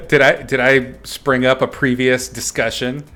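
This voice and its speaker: A man's voice: mid-range voice, steady tone, slow, bright, forceful tone, soft background music. Laid-back man chatting on stream. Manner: chatty, laughs often, reads and answers chat. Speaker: streamer chatting with viewers while painting. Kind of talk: casual livestream chat.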